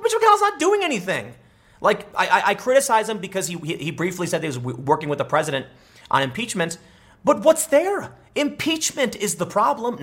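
A man giving opinionated political commentary in a sarcastic, animated way, talking fast with frequent restarts. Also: sits high.

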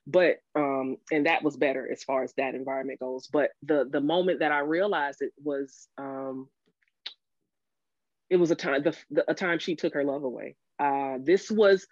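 A woman guest on a podcast telling the story of her marriage and divorce, emotional and halting, with many restarts, rising sharply when she quotes herself. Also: deep voice, no room sound. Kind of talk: candid storytelling about a marriage. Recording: dull lo-fi audio.

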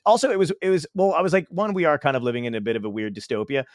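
Rambling, swearing young American host. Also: male voice, on the high side, racing, no echo, clean studio sound. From United States. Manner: rambling, swears, lots of fillers and laughs. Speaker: podcast host. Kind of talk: casual chat.

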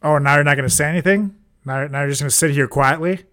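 A man hosting a comedy podcast, scolding and exasperated, with sudden shrill outbursts. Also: fast, a bit bright. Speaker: podcast host. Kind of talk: mock interview comedy.

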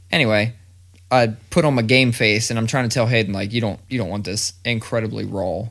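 A man's voice: fairly low pitch, a little fast. A man in his thirties telling a story in casual chat, swearing freely and acting out the quotes. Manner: profane, animated storytelling with acted-out quotes.

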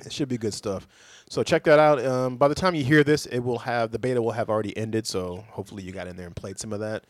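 A man's voice: medium pitch, fairly even intonation, quick pace, dry recording. A laid-back man in his thirties hosts a podcast in easy, swear-laden chat. His voice sits in a middle register and sounds close and dry, with little room around it. He ribs his friends as he talks. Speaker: podcast host.

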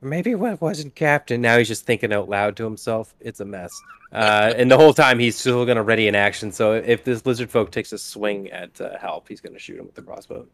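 A man's voice: on the low side, fairly even intonation, a little fast, gravelly, dry recording. Rambling male player, dry sound. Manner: rambling, thinking out loud. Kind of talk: casual tabletop play.

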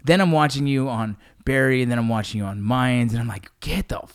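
Enthusiastic, swearing podcast host. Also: male voice, medium pitch, a little fast, clear, resonant tone. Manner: enthusiastic, profane, repeats words. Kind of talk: casual interview chat.

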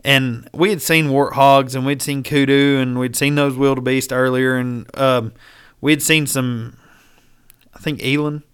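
A man's voice: medium pitch, unhurried, smooth. A man telling a hunting story in casual, profane talk, acting out the lines of the people in it. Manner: animated, profane, acts out quoted dialogue.

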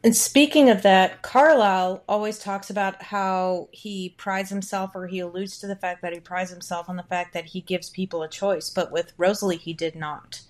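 A woman's voice: mid-range voice, fairly even intonation, moderate pace, hardly any pauses. A woman co-hosting a podcast, adding blunt, critical comments in casual chat about a book. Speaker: podcast co-host.

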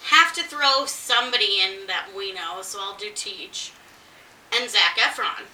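A tipsy woman co-hosting a casual chat at home, giggly and excitable and swearing freely. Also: medium pitch, a little slow, echoey room, recorded from a distance, a little hiss or hum, poor audio. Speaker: co-host.

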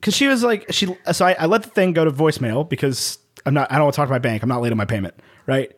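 A man co-hosting a casual podcast chat, telling animated stories and acting out the people in them. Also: a little high, quick pace. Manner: animated storyteller, acts out quoted people. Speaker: podcast co-host.

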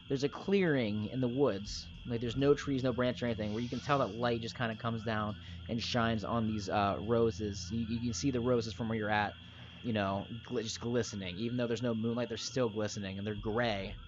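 A man's voice: mid-range voice, a little hiss or hum. Young male game master, casual rambling narration, muffled lo-fi audio. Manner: rambling, filler-heavy, loose.

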